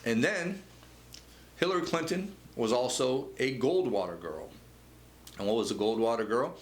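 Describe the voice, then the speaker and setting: A man's voice: mid-range voice, lively intonation, normal speed. A man hosting a political commentary show, talking conversationally with frequent stammered restarts and repeated words. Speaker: show host. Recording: echoey room with faint noise.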